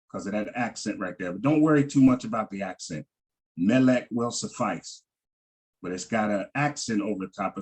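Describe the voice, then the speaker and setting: A man's voice: fairly low pitch, moderate pace. A man teaching a Hebrew vocabulary lesson, patiently repeating each word with frequent ums and restarts.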